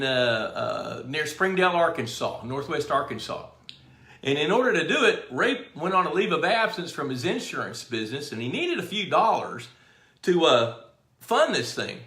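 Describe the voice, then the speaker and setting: A man's voice: fairly high pitch, sharp tone. A middle-aged man hosting a live stream, telling stories in a folksy way and greeting viewers by name. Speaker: show host. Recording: echoey room.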